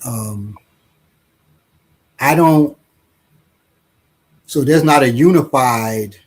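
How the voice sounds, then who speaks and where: Slow, husky-voiced man being interviewed. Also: mid-range voice. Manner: slow, thoughtful, repeats words while thinking; acts out quoted voices in playful anecdotes. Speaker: author and interview guest. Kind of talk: conversational interview answers.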